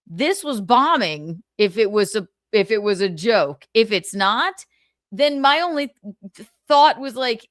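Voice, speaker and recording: Woman, livestream host, lively swooping pitch, fairly high voice, dry close sound, swears a lot. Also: slow, no room sound. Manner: animated, profane, exasperated. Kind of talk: casual livestream rant.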